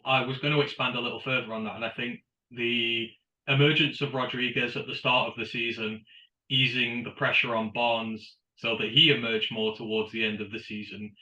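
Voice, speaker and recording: A man's voice: medium pitch, steady tone, a little fast, pushed and bright. A man co-hosting a sports podcast, giving emphatic opinions and building on others' points. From United Kingdom. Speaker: podcast co-host. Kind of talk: casual sports podcast chat. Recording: roomy, dull lo-fi mic.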